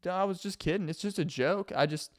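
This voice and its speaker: A man's voice: high-pitched, fairly quick, voice pushed up, close to an everyday voice. Brief: a man playing a passive-aggressive roommate, raised and sweet, overly friendly while hinting at chores. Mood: placating.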